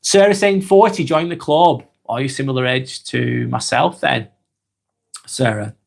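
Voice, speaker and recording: A man in his forties with an East Lancashire accent, hosting a live stream and reading out viewer comments in a slow, halting way with many ums. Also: mid-range voice, creaky. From England. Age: 40s.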